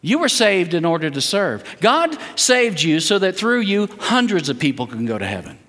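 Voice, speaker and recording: A man preaches a sermon, his voice high, bright and lively, rising and falling widely as he drives each point home. He has the congregation repeat statements back to him. The sound carries the long reverb of a church hall. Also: moderate pace. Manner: animated preaching, leads call-and-response statements. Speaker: guest preacher.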